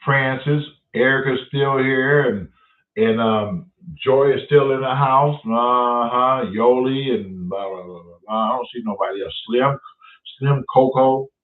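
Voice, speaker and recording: This man speaks at a measured pace in a medium-pitched voice while running a casual live stream. He tells stories, swears a lot, and chats with viewers, calling out their names from the chat. The sound is distant and roomy, much like a phone recording.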